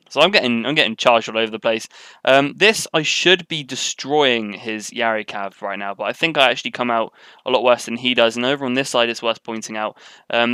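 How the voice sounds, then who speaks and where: A man's voice: mid-range voice, bright, forceful tone, clear, resonant tone, dry recording. A young man giving live gameplay commentary in a rambling, chatty way, full of ums and tangents. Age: young adult. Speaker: gaming commentator. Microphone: webcam setup at desk.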